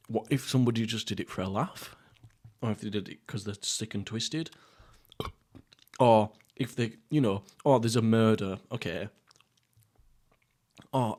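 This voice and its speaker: A young man from England hosting a casual solo podcast while eating, rambling through jokey, crude, deadpan stories. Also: fairly low pitch. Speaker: podcast host. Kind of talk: casual solo mukbang chat.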